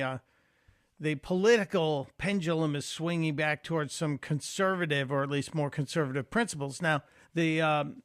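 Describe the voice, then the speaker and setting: A man's voice: on the high side, fairly bright tone, no echo, clean studio sound. Folksy man hosting talk radio. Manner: conversational, folksy, with fillers. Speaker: radio talk show guest host. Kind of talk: talk radio monologue and call-in.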